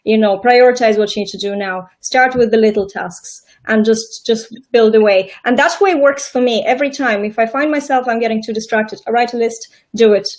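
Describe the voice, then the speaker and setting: A woman from Estonia hosting a casual live-stream chat over a video call, chatty and quick to laugh. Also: a little high. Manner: chatty, warm-hearted, laughs easily, restarts often. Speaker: host.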